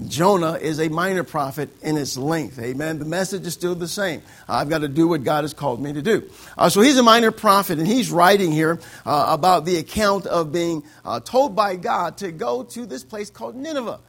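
A pastor with a high, slightly bright voice preaches in a call-and-response style, asking for amens again and again. He stays conversational and slips into quick character voices when acting out his anecdotes.

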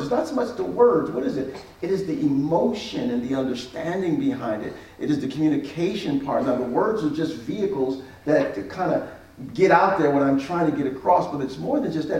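A man's voice: a little high, a little mellow. A man preaching as a pastor, teaching on marriage and acting out both sides of an argument with repeated phrases. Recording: echoey hall, mic at a distance.

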